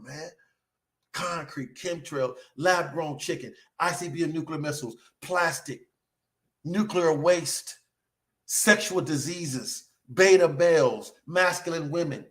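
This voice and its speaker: Brief: passionate male scripture teacher, higher pitch, emphatic repetitions, list-driven delivery. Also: a bit bright. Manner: impassioned, repeats and slows words for emphasis, lists. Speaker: preacher.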